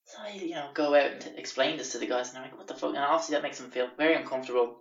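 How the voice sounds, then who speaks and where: A young man casually telling a profane, animated anecdote on a podcast. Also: medium pitch, racing, recorded from a distance. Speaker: podcast host. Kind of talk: casual storytelling. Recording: roomy, dull lo-fi recording.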